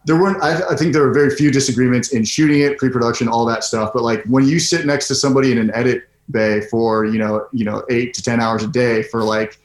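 A man's voice: medium pitch, steady tone, fast talker, few pauses. A man from Southern California talking easygoingly as a guest on a video call, with many "like"s and "you know"s. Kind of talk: casual chat over a video call. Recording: roomy video call audio.

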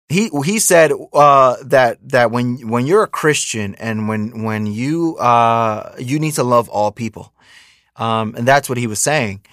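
A man's voice: medium pitch, fairly bright tone, dry recording, studio quality. A man hosting a podcast, ranting through casual political commentary, repeating himself and mocking his critics. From United States. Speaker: podcast host.

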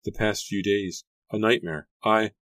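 A man's voice: deep voice, brisk, no room sound. A man reading aloud and voicing a frightened young farm girl from colonial times, breathless and pleading.

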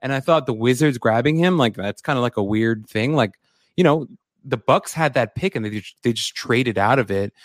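A man co-hosting a sports podcast, talking in an excitable, rambling way with lots of "like" and "bro". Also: mid-range voice, normal speed, no echo. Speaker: podcast co-host. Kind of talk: casual sports podcast chat.

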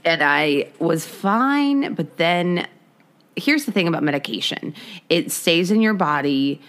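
Candid low-voiced young woman co-host. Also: expressive, unhurried, a bit bright. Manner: candid, rambling, swears freely. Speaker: podcast co-host. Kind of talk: casual chat.

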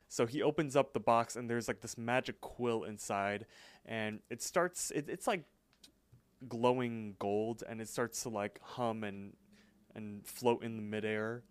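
A man's voice: on the low side, clean tone, no room sound. A man co-hosting a podcast, casually recapping cartoon episodes and quoting the characters' lines in a loose, chatty way. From England. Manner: retells scenes with quick quoted lines, loose and chatty. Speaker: podcast co-host.

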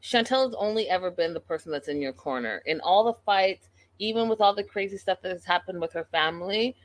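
A woman with a fairly low voice recaps a reality show in casual commentary, sounding exasperated and incredulous as she speaks directly to the people on the show.

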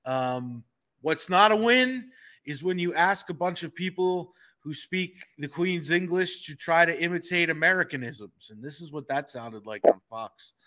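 A man co-hosting a laid-back podcast, joking around and poking fun at himself. His voice sits a bit high and rings bright and forceful. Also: animated, a little slow. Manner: chatty, joking, self-deprecating. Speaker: podcast co-host. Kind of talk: casual podcast chat.

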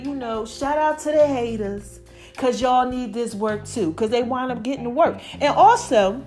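A woman hosting her own podcast, talking to listeners in a chatty, affectionate, drawn-out way with lots of asides. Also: fairly high pitch, a little mellow. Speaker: podcast host. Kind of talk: casual podcast monologue.

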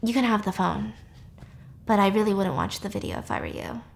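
An anxious young woman, a former med student, trips over her words as she hurries to get them out, voiced by a woman retelling the story. She stammers and restarts and drops to a hush. Her voice sits slightly high. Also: steady tone, a little fast, close to an everyday voice. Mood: guilty, hushed.

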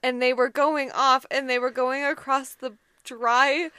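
A woman's voice: high-pitched, fairly even intonation, a little slow, pushed and bright, clean tone, no echo. A woman co-hosting a casual chat, making dry, self-deprecating asides. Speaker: podcast co-host.

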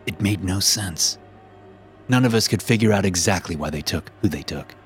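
A man narrating a first-person story in a measured, dramatic way. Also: sits low. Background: background music.

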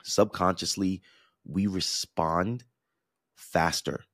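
Very deep, gravelly-voiced man. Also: takes it slowly, no echo, clean studio sound. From New York–New Jersey area, US East Coast. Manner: reflective, earnest, with frequent restarts and fillers. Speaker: podcast host. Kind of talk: personal storytelling and advice.

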